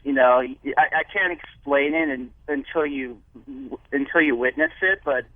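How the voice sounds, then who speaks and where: A man's voice: medium pitch, no echo. Guy calling in, stumbles and restarts a lot, sounds thin like a phone line, dry. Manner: halting, hesitant, many restarts. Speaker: phone-in guest. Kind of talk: telephone interview.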